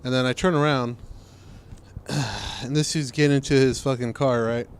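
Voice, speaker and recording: A young man co-hosting a casual podcast, telling an animated, profane story about a stranger. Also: medium pitch, moderate pace. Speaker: podcast co-host. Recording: faint background noise.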